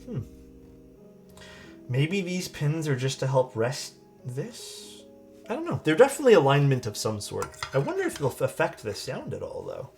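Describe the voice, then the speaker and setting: Young male streamer, gravelly edge, faint music under him; loose, rambling chat with casual swearing while he works on a build. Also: on the high side, wildly swooping pitch, moderate pace, darkish tone.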